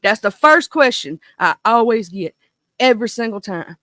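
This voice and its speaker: A woman in her thirties with a Mississippi Southern accent, hosting a casual livestream chat in a goofy, animated, rambling way. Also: on the high side, normal speed, no room sound. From small town in northern Mississippi, USA. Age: 30s. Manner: goofy, animated, talkative, goes off on tangents. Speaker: livestream host.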